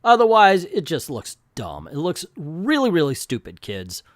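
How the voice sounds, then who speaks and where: A man's voice: fairly high pitch, wildly swooping pitch, moderate pace, dry recording, studio quality. A man reviewing a comic book in a casual, sarcastic and exasperated commentary vlog.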